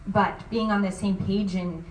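Halting woman panelist in a roomy hall. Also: medium pitch, fairly even intonation, slight background noise. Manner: halting, many restarts and fillers. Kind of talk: faith-based panel talk. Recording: roomy sound from a distant mic.

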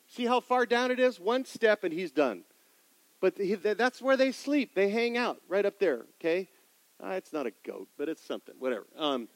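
A middle-aged man preaches a sermon in a church sanctuary, his voice sitting somewhat high for a man. He moves between loud, emphatic lines and quiet asides and keeps asking his listeners questions. The recording is dry and close, with almost no room sound. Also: no room sound, poor audio. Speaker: pastor.

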